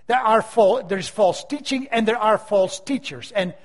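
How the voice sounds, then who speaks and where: Older preacher in a reverberant hall. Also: male voice, high voice. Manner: emphatic, slows down to stress key phrases. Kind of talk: sermon.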